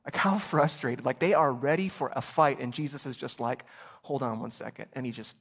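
A man preaching a sermon as pastor, animated, acting out voices in the story with quick asides. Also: mid-range voice.

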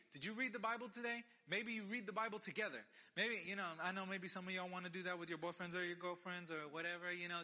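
Casual preacher, man, high and sharp-toned, repeats his points emphatically. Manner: conversational, emphatic repetitions, animated. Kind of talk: casual sermon.

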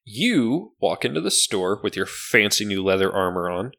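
A man running a tabletop game as game master, talking in a halting way with many fillers. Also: fairly low pitch, big pitch swings, vocal fry, a bit bright.

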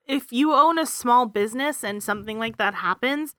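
A woman in casual conversation about a film, chatty and quick to judge, with plenty of filler words. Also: a little high, pushed and bright, dry recording, studio quality. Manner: chatty, judgmental asides, frequent "like". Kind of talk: casual movie review chat.

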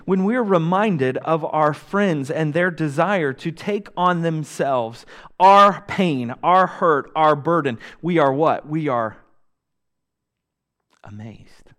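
A young man delivers a sermon in an earnest, unhurried way. His voice sits a little high for a man, and he lets each phrase land slowly. He swells loud on emphasis, then falls to a hush. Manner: earnest preaching, swings between loud emphasis and soft hushed lines. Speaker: pastor.

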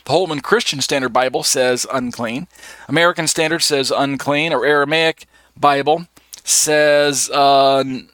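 A man's voice: medium pitch, steady tone, unhurried, fairly bright tone, dry recording. A man leading a casual Bible study lesson, talking conversationally with many fillers as he reads out verses. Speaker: Bible teacher.

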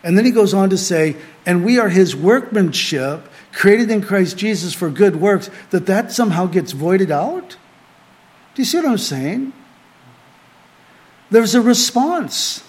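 A middle-aged man preaching a sermon as a pastor to a small group, earnest, rising to emphatic lines and dropping to quiet asides. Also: high voice, lively intonation, a little slow.

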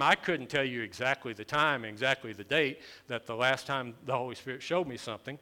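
A man delivers a sermon in a bright, forward voice at a mid pitch. He talks to the congregation conversationally, asking questions and circling back to the same phrases. His intensity climbs as he presses each point. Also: a little fast, hardly any pauses. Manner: repetitive, building emphasis with rising intensity. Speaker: pastor.

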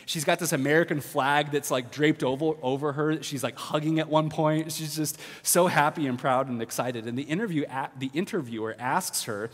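A man preaching a casual sermon as a pastor, chatty and upbeat with fillers and restarts, dropping to a hush when he prays. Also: on the high side, a little fast, hardly any pauses. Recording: long hall reverb.

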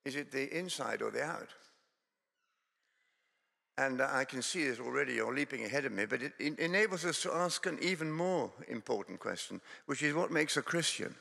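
A man's voice: mid-range voice, animated, fairly quick, creaky, hardly any pauses, bright, forceful tone, in a large hall. A Scottish man preaching a sermon in a church, conversational and self-deprecating, with digressions and humorous storytelling. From Scotland.

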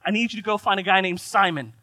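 A preacher putting on a chatty angel. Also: male voice, sits high, fast talker, bright, forceful tone, no echo. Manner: casual, over-explaining. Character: breezy, chatty male angel messenger. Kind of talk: sermon storytelling.

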